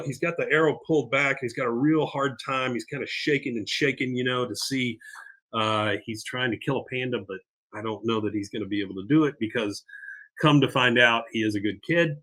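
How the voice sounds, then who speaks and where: A middle-aged man recapping a cartoon episode on his podcast, rambling along with plenty of fillers. His voice is bright and forward. He keeps it loose and casual. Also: medium pitch, brisk. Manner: rambling, with many fillers and laughs. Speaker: podcast host.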